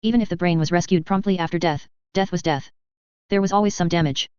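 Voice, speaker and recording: A woman reading a first-person audiobook narration at an even, measured pace. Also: lowish voice, clean tone, dry recording, lo-fi sound.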